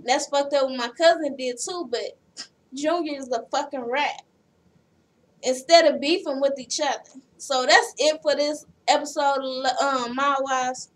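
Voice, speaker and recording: A woman's voice: high voice, steady tone, unhurried, far from the mic. A woman vlogger casually recapping a reality show episode, blunt and profane as she tells the story.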